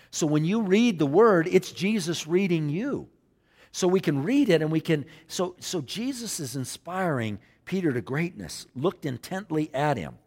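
A male preacher delivers a sermon with a lively, swinging pitch, acting out scripture dialogue and repeating phrases for effect. His voice rings with the long reverb of a large church hall. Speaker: pastor.

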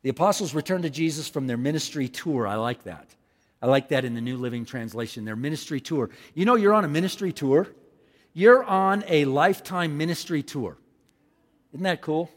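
A man delivers a sermon from a church pulpit, his voice sitting a little high and leaping around with lively intonation. He repeats key phrases and calls on the congregation to say lines back to him. The sound carries a long, echoing hall reverb. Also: moderate pace. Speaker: pastor.

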